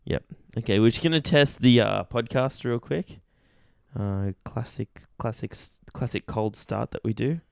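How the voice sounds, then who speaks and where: A man's voice: medium pitch, expressive, vocal fry, clear, resonant tone, dry recording. A man co-hosting a comedy podcast, teasing and arguing points in casual banter. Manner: teasing, quick to argue a point. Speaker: podcast co-host.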